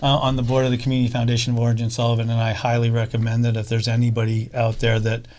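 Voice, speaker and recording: A middle-aged man speaking in a casual interview as a fund co-founder, halting often with fillers and restarts. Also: mid-range voice, monotone, crowd noise.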